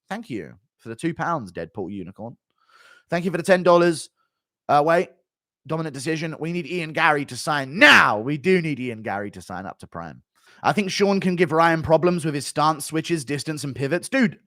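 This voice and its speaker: A man's voice: fairly high pitch, sharp tone, dry recording, studio quality. A man hosting a live stream, reading viewer donations and giving blunt, rambling fight commentary full of swearing.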